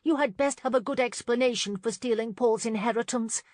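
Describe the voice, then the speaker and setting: A woman's voice: lively intonation, normal speed, no echo, clean studio sound. A woman voicing a spirited young niece who cries out and pleads in an audiobook scene. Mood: pleading. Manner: high, pleading and sharp. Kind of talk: audiobook character reading.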